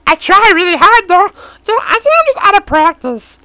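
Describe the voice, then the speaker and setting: A man voicing a squeaky, giggly furry red puppet monster in a high, drawn-out falsetto. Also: big pitch swings, sharp tone, no echo, heavily acted. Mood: giddy.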